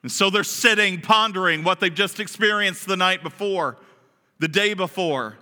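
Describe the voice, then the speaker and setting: A man preaching a sermon, telling a story dramatically, his voice swinging from hushed to loud as he acts out voices. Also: high voice, moderate pace. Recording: long hall reverb.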